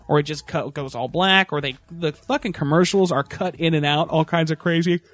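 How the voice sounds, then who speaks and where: A man's voice: a little high, brisk, dry recording, faint music behind. A man casually ranting and telling stories on a podcast, full of swearing. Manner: animated, swearing storyteller. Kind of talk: casual profane rant.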